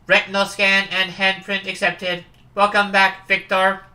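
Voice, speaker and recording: A woman's voice: mid-range voice, flat delivery, measured pace, sharp tone. A woman doing a stern security computer. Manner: formal, clipped announcements.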